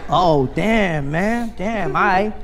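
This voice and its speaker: A South African man voicing a brash, excitable male comedian who rambles in slang, recorded live in a reverberant hall. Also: fairly high pitch, normal speed, natural voice. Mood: excited. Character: brash loud male American stand-up comic.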